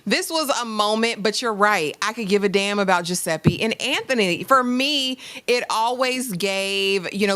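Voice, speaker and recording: A woman's voice: medium pitch, lively intonation, moderate pace, hardly any pauses, bright, forceful tone. A woman guesting on a casual live TV recap, emphatic and opinionated with slangy asides. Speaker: guest co-reviewer.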